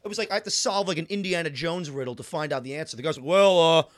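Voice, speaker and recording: A man's voice: a little high, quick pace. A man telling a wry, exasperated story in a casual chat.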